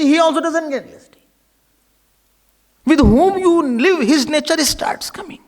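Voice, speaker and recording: An Indian English accented man teaching scripture in a lively discourse, his voice sitting high and leaping up and down through each sentence. He talks animatedly and drops Hindi and Sanskrit words into his English. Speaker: spiritual teacher.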